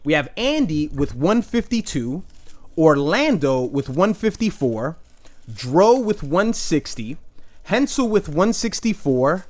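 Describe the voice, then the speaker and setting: A man's voice: fairly high pitch, big pitch swings, slow. A young man hosting a casual fantasy football recap, rambling with frequent restarts and crude jokes. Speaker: fantasy football league host. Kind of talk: casual trash-talking recap.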